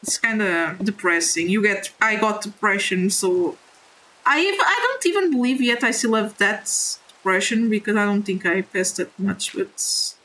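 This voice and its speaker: A young woman gaming streamer, whose first language isn't English, talks openly and haltingly to her viewers as she plays, often apologizing, reassuring them, and restarting her sentences. Her medium-pitched voice is expressive, bright, and forceful, and the recording is rough.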